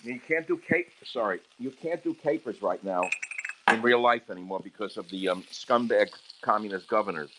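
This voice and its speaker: Man, lowish voice, forceful, crude heated ranting, casual cooking livestream, home kitchen, phone mic, faint sizzling pan behind. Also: moderate pace, noisy background. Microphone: handheld phone camera. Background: sizzling frying pan.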